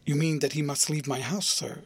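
A man's voice: fairly high pitch, fairly even intonation, normal speed, breathy edge, no room sound. Man reading as an earnest, deferential clergyman. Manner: respectful, faltering. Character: earnest, deferential male minor canon. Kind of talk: audiobook character voice.

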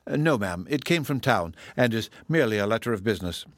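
A man's voice: on the low side, expressive, a little fast, no echo, studio quality, natural voice. A man voicing a grave, reserved middle-aged colonel who speaks formally and with restraint. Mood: restrained.

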